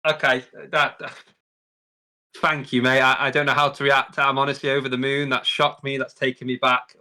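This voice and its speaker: A man's voice: mid-range voice, monotone, fairly quick, pushed and bright. A man hosting a live stream, chatting casually and effusively, often repeating words as he talks. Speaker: host. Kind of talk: casual livestream chat.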